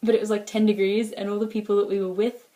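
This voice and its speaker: A woman's voice: medium pitch, little pitch movement, fast, mellow. A woman with an Australian accent talking casually to the camera in a personal vlog, rambling along with lots of "like" and "um". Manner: chatty, rambling, full of "like" and "um". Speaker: exchange student vlogger.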